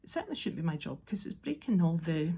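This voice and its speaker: A woman ranting in an exasperated way in a casual monologue, a little unwell and low on energy. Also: sing-song, fast talker, vocal fry, dark tone, husky. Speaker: vlogger.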